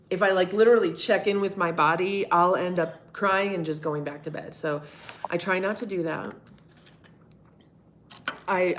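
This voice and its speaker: A woman's voice: on the low side, slight background noise. A middle-aged woman hosting a live stream, answering chat in a candid, rambling way and swearing freely. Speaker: livestream host answering chat.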